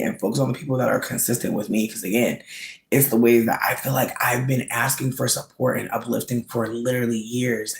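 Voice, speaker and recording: Angry, swearing vlogger with a gravelly voice. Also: darkish tone, echoey room, low-quality recording. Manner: angry, heavy swearing, pitch swings from low mutter to high strained outbursts. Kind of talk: candid vlog rant.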